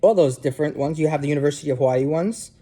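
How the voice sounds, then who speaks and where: This instructor, a New Jersey native with the accent to match, talks rapid-fire in a slightly high, dark voice. Seated on his home couch, he gives students a casual recorded lecture, often pausing for "okay?" and filling gaps with "um."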